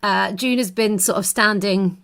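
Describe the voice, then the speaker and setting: A woman playing a tabletop game, calmly describing her character's actions. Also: mid-range voice, creaky. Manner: calm, unhurried narration of her character. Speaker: player.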